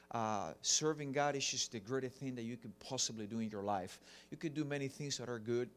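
A middle-aged man from Cuba with a Cuban Spanish accent, preaching a sermon earnestly with many fillers. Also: medium pitch. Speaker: pastor.

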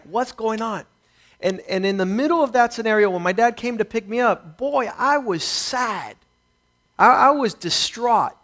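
Middle-aged guy preaching, high voice, storytelling testimony, gets loud then quiet. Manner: storytelling testimony, rising and falling intensity. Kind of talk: sermon.

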